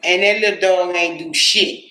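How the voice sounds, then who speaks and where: A man's voice: high voice, fairly even intonation, moderate pace, bright, forceful tone, reverberant, slight background noise, rough recording. A man hosting a livestream, giving casual, profane commentary, often laughing and talking to his chat. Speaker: livestream host.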